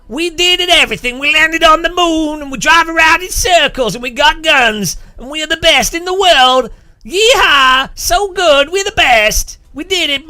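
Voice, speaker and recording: A man putting on a boastful, shouting American corporate promo voice. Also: very high-pitched, pitched above the performer's own voice, heavily acted. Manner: boastful, shouting, over the top.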